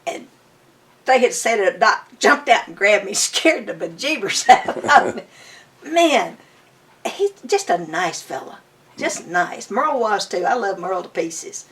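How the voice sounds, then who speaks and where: A woman's voice: medium pitch, lively intonation, a little slow, a bit bright, recorded from a distance. Chatty older woman, slightly off-mic. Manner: enthusiastic, chatty, fond storytelling. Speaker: bluegrass musician interviewee. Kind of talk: casual storytelling interview. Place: her home.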